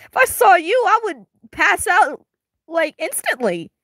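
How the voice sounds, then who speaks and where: Giggly excitable woman, lively pitch. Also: slow, no echo, clean studio sound. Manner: excitable, giggly, slangy, talks to viewers. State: strained, tiring voice. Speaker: webtoon reader and reactor. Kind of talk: casual reaction reading.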